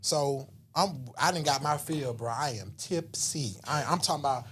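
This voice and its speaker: A man's voice: a little high, normal speed, a bit bright, slight background noise. A man, telling a story in casual, slangy talk and acting out voices and whispers. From Southern US. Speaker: podcast guest.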